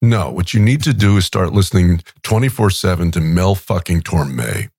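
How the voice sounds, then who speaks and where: A middle-aged man co-hosting a podcast in casual chat, swearing freely and animated. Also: sits low, slightly rough, dry recording, studio quality. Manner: profane, animated, drawn-out asides. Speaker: podcast co-host.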